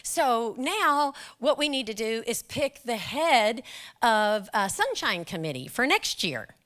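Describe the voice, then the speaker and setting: Woman does a businesslike chair of a meeting, slightly higher voice. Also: sing-song, slow, a bit bright, heavily acted. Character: brisk meeting leader.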